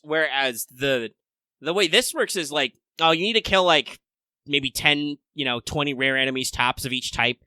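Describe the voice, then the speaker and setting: A man co-hosting a casual gaming podcast, rambling through opinions with quick asides and plenty of swearing. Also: on the high side, animated, bright, forceful tone, no echo, clean studio sound. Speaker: podcast co-host.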